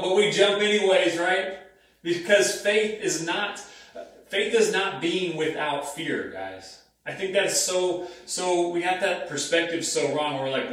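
A man's voice: on the high side, moderate pace, a bit bright. A man in his thirties preaching a sermon in a conversational way, often repeating key phrases for emphasis. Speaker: pastor. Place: church hall. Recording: very echoey room, mic at a distance.

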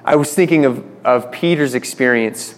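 A man's voice: mid-range voice, moderate pace, in a large hall. A man preaching a sermon in a conversational way, retelling stories with voiced quotes. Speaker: pastor.

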